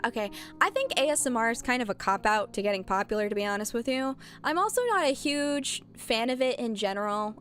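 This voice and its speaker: A woman streamer chatting casually with her viewers, animated and blunt, laughing often. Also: a little high.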